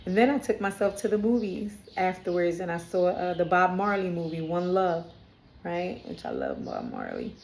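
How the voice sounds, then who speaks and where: A woman's voice: on the low side, big pitch swings, moderate pace, creaky, darkish tone. Candid Brooklyn woman talking in an echoey room. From Brooklyn, New York. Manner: candid and chatty, with frequent "right?" and laughter. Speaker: spiritual vlogger. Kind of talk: casual spoken reflection.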